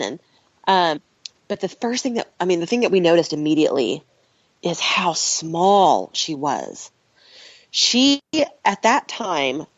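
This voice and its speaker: A woman guest on a podcast, retelling a personal story in an animated, emotional way and laughing often. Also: lowish voice, no room sound, dull audio.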